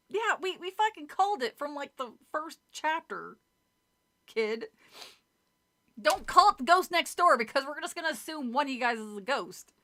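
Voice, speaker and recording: Bright-voiced joking woman streamer. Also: high voice, lively intonation, moderate pace. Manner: chatty, joking, swears, laughs at the story. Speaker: streamer reading a book aloud. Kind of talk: casual live-stream reading and chat.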